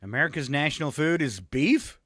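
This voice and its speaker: A man's voice: a little high, expressive, fairly bright tone, no room sound. A man co-hosting a morning radio show, bantering and teasing through a trivia game from a studio microphone. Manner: joking, teasing, quick to laugh.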